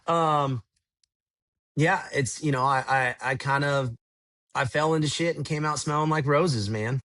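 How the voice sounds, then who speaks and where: Man in his own voice, unhurried podcast storyteller, rambling and relaxed, mid pitch, dry close sound. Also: no room sound. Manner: rambling, laid-back, swears casually. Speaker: podcast guest, tour manager. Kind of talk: casual storytelling.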